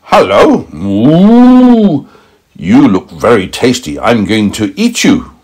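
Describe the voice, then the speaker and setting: A man's voice: medium pitch, wildly swooping pitch, a little mellow, husky, heavily acted. A man voicing a hungry, greedy cow in a toddler's storybook, drawing out his words with savoring sounds. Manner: drawn-out, savoring "ooh" and "hmm" sounds.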